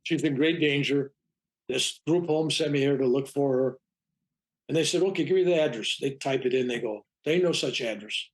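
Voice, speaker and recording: An older reverend tells a personal story as an interview guest. His voice is gravelly and mid-pitched. He rambles, restarts his sentences and acts out the dialogue. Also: normal speed. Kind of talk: anecdotal storytelling in conversation.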